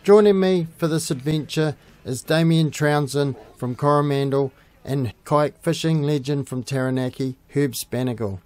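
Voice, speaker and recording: A man, hosting a fishing show and giving a steady, informative scripted voice-over. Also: on the high side, normal speed, no echo.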